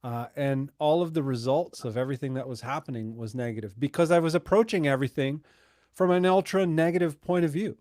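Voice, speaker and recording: A man's voice: a little high, brisk, darkish tone, no room sound, clean studio sound. A man in his thirties co-hosting a podcast in casual chat, easygoing and rambling, laughing often. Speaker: podcast co-host.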